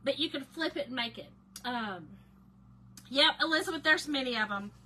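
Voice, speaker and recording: A woman's voice: high voice, lively intonation, normal speed. A woman hosting a casual live craft demo, greeting viewers by name and muttering to herself while she works. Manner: chatty, warm greetings to chat viewers, often drops to quiet mutters while concentrating. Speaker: craft livestream host. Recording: noticeable background noise.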